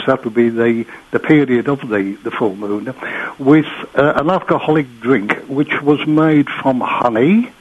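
Husky man calling in, dull line. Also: mid-range voice. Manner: matter-of-fact, explanatory. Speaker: caller. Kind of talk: radio phone-in call.

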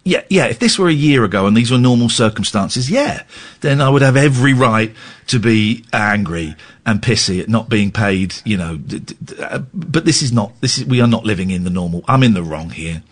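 Hosting a radio phone-in, a middle-aged man delivers a candid, rambling, self-deprecating monologue full of stammered restarts. His voice is on the low side, fairly quick, with lively intonation.

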